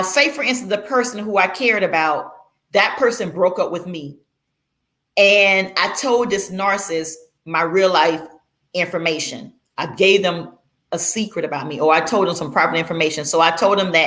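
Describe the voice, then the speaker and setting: A woman's voice: medium pitch, fairly bright tone. A woman talking casually in a vlog, explaining a topic with many fillers and restarts. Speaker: Christian vlogger.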